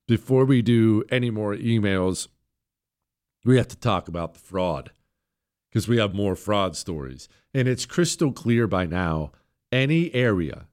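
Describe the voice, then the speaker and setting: A hoarse male talk radio host in mid-rant. His voice sounds worn and close to giving out, but he keeps pushing, punching some words up high and loud, then dropping into sarcastic asides. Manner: emphatic, sarcastic, swings between loud jabs and low mutters. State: hoarse, voice nearly gone. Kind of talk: opinionated political talk radio monologue.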